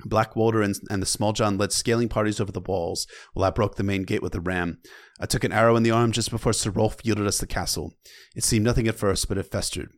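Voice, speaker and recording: A man voicing a young male king who speaks in a solemn, quiet, halting way, in a deadpan book recap. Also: fairly low pitch, no room sound, close to an everyday voice. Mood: earnest.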